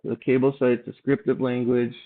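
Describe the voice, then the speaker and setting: Man, offhand, halting, reading papers aloud, mid pitch, tinny phone-like audio. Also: little pitch movement. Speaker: channel host. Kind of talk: reading documents aloud with casual commentary.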